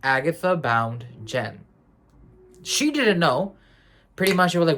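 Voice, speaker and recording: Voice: medium pitch, very animated, a little slow, pauses often, fairly bright tone, a little hiss or hum. A speaker giving a casual spoiler review of a TV finale, rambling and slangy, often correcting and restarting mid-sentence. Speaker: TV series reviewer.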